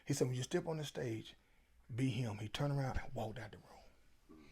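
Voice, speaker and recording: A middle-aged man talks as an interview guest, his voice gravelly and husky. He tells stories in an emphatic, preachy way, pressing his points home. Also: medium pitch, moderate pace, warm tone. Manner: preachy, emphatic, Southern Black vernacular. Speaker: featured guest. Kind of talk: casual storytelling interview.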